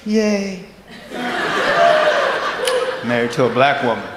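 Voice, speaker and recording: Animated male comedian in an echoey club. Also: fairly high pitch, normal speed, very noisy. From Texas. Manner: animated, laughing at his own jokes. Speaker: stand-up comedian. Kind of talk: stand-up routine. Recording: echoey club hall with crowd. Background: audience laughter.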